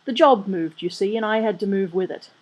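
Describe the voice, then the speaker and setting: A woman's voice: mid-range voice, brisk, a little mellow, highs cut off, lightly acted. A woman voicing a mild, bewildered English father unsure of what is going on. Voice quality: doubtful, mild.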